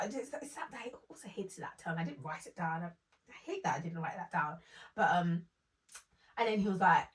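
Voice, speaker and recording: A woman's voice: on the low side, quick pace, far from the mic. A woman co-hosting a casual review podcast, talking through episodes and acting out lines people said. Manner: animated, quotes people in put-on voices. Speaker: podcast co-host. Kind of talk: casual reality TV review chat.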